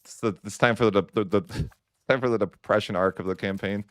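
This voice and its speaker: A man's voice: fairly low pitch, a little fast, a bit bright, no echo. A man giving casual commentary over a strategy game, wry and mock-dramatic as he grumbles about his bad luck. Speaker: gaming YouTuber.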